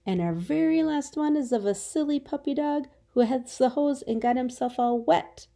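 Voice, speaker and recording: A woman's voice: high-pitched, normal speed, vocal fry, mellow. A woman teacher giving a remote phonics lesson to young children, stretching out her words in a patient, encouraging way.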